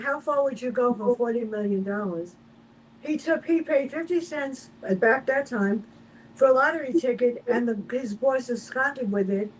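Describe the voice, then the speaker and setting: A woman with a high voice but a mellow, dark tone, hosting the show and briskly announcing the guests coming up. She talks in a chatty way, and a faint noise sits behind her. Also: low-quality recording. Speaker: radio host.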